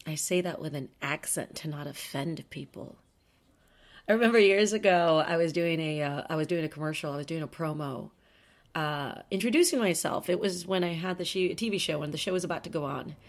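A podcast host speaks in a low-sitting voice at a fairly quick pace. Her casual monologue is chatty, rambling, and self-deprecating.

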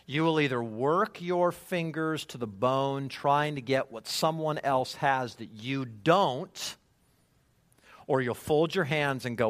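A male pastor preaching a sermon, emphatic and animated, checking in with the congregation through rhetorical questions. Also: medium pitch, takes it slowly, no echo.

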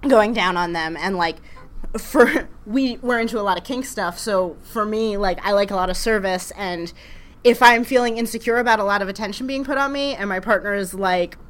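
A woman's voice: medium pitch, moderate pace, a bit bright. A young woman co-hosting a live podcast in a candid, chatty way. She laughs easily and talks frankly, her voice in the middle of a woman's range. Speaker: podcast co-host. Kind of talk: casual live podcast chat. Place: live event room.

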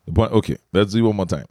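A man with a very deep voice hosts a casual podcast chat. He asks loose, rambling questions full of fillers. The sound is dry and close to the mic. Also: racing, mellow, dry recording. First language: Igbo. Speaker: podcast host.

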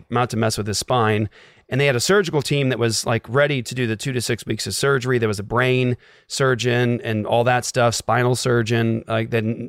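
A man's voice: medium pitch, clean tone, dry recording. Dry-voiced man telling a faith story. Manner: acts out dialogue, drops to a hush at tense moments. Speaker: guest telling a personal story.

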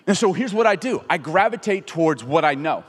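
A middle-aged man preaching a sermon in an animated, conversational way, acting out quotes as he goes. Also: on the high side, a little fast. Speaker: pastor. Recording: reverberant hall.

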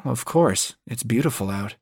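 A man's voice: medium pitch, animated, normal speed, vocal fry, a little mellow, slightly rough, dry recording, clean studio sound. A male audiobook narrator voicing a sheepish young married woman who mumbles apologetically.

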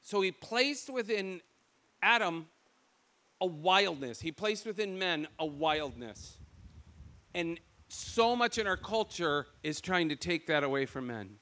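Michigan-accented male preacher, high, bright voice, lively storyteller for a sermon. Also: slow. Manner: animated storytelling, acts out quoted voices.

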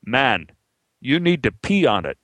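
Storyteller putting on a big, blunt pool attendant, flat and matter-of-fact, everyday voice, dry close sound. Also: male voice, mid-range voice, unhurried, no room sound. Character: big blunt male hotel pool worker.

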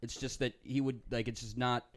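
A young man hosting a podcast, chatting casually and rambling through a story. He keeps cutting himself off and starting his sentences over, at an ordinary pitch. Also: little pitch movement, brisk. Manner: rambling, self-interrupting storyteller. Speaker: podcast host. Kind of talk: casual chat.

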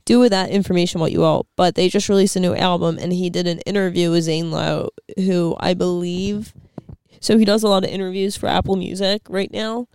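Woman, podcast co-host, casual chat, blunt and profane, gravelly edge, smooth resonant tone. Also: fairly low pitch, steady tone, brisk, darkish tone, no room sound. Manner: blunt, swears freely, dry teasing.

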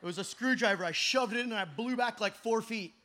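Young male preacher, very high and bright, fervent and shouty, swings to quiet asides. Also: fast talker. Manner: impassioned, often shouting, swings between loud and hushed. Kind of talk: youth camp sermon.

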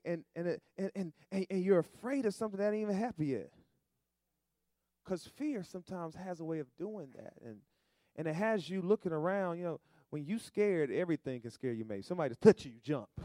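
A man preaching a sermon in a call-and-response style, moving between soft asides and loud, stretched-out emphasis. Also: sits high, lively intonation, moderate pace, dry recording, studio quality.

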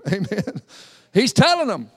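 Man, preacher, high-pitched, playful storytelling sermon, long reverb of a big hall. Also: takes it slowly, slightly rough. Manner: lively, joking storyteller acting out scenes.

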